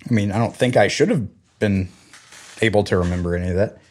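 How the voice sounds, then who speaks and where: A fast-talking man with a lowish voice, in his thirties and from Georgia, US, shares family anecdotes in casual conversation. He retells them energetically, acting out everyone's quoted lines.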